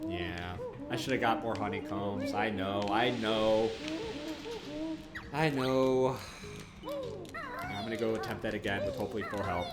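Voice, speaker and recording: A male streamer giving live gameplay commentary, chatty and excitable, breaking into loud outbursts when things go wrong and thanking viewers warmly by name. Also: fairly low pitch, a little slow, pauses often, music in the background.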